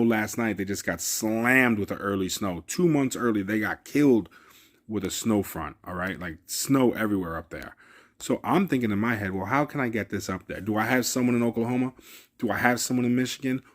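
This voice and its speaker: A man's voice: on the low side, fairly quick. A man who deals cars, talking casually and emphatically to his viewers, often addressing them directly. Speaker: car dealer vlogger. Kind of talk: casual talk to camera.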